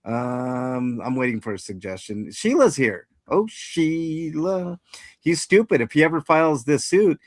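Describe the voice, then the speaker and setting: A man's voice: on the high side, expressive, unhurried, no echo. A man hosting a live stream, rambling casually and reading out chat with self-mocking humor. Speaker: stream host.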